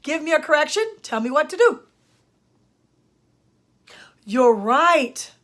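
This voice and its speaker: A woman's voice: high-pitched, animated, slow pace, fairly bright tone. An older woman, a speech-language pathologist, gives an emphatic grammar lesson and speaks straight to parents and students. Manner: emphatic, teacherly, addresses parents and students directly. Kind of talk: instructional lesson talk.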